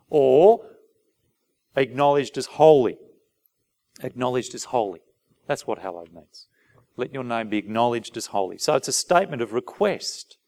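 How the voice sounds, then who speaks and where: A man preaching a sermon, asking his listeners questions and briefly acting out little dialogues. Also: mid-range voice. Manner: animated, asks the audience rhetorical questions, acts out short dialogues.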